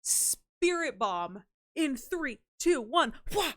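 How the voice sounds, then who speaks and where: A woman's voice: high-pitched, big pitch swings, very slow, fairly bright tone, no room sound, clean studio sound. A woman streamer chatting casually and playfully with her live chat, teasing and slipping into silly voices.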